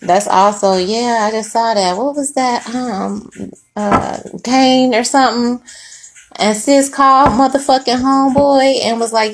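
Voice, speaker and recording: A woman's voice: on the high side, moderate pace, a little hiss or hum. A woman giving a casual tarot reading, blunt and profane, laughing between lines and preaching in asides. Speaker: tarot reader.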